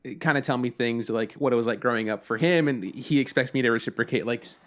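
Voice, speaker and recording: Young male podcast co-host, animated storyteller, casual and profane. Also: medium pitch, fast talker. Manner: animated storytelling, acts out both sides of conversations; swears casually. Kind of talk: casual chat.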